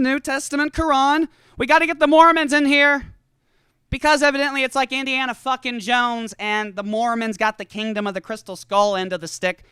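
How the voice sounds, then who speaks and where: A show host delivering a rambling, profane, animated stoned comedy rant. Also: high-pitched, a little fast, smooth, no room sound, studio quality. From California.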